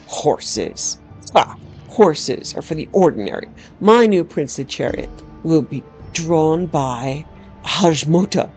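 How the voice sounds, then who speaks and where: A woman's voice: low-pitched, lively intonation, slow pace, darkish tone, soft background music. A woman voicing a vain, pudgy, fussy male prince with a pompous, self-satisfied manner. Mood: proud.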